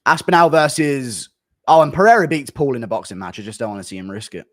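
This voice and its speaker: A man on a livestream, firing off blunt, dismissive verdicts to chat questions. His voice sits in a middling pitch and the sound is dry and close. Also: quick pace, a bit bright, dry recording. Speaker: streamer.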